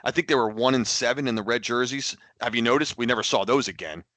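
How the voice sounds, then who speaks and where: A man's voice: mid-range voice, fast talker, pushed and bright, no echo. A man co-hosting a podcast in casual sports chat, rambling and exasperated, with many restarts and repeated words. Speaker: podcast co-host.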